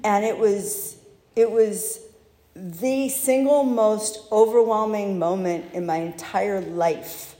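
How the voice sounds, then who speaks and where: A woman telling her own recovery story in a candid, halting, self-deprecating way, recorded in a large hall. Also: mid-range voice, mellow. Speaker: speaker sharing recovery story. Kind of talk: personal testimony talk. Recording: echoey hall.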